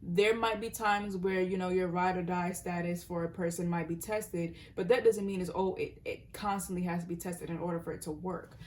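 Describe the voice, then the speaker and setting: Here a young woman reads tarot casually in a fairly low, fairly even voice that's slightly mellow, keeping a moderate pace with few pauses. She wanders earnestly from point to point, breaks off mid-thought, and sometimes laughs or lowers her voice to a whisper.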